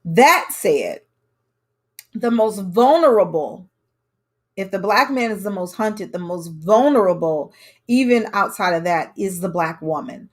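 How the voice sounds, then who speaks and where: A young adult woman vlogger tells a personal story to camera, candid and conversational, acting out others' words with emphatic quoted dialogue. Her voice is medium-pitched with lively intonation and a slightly slow pace.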